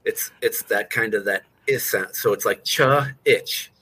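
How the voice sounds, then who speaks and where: A man's voice: on the low side, unhurried, pushed and bright, breathy edge. A man with a Boston accent, a comedian explaining words and slang in casual chat over a video call, stretching out the words he demonstrates. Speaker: comedian teaching a regional accent.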